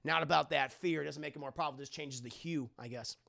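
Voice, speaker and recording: Streaming an anime review, a man recounts the story to his live chat in animated, profane, casual talk, acting out the characters. His voice is on the high side, quick and creaky.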